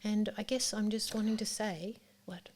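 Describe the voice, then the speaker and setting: An Australian woman, a therapist and author, explaining her work in a relaxed interview chat, often laughing. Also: mid-range voice, moderate pace, husky.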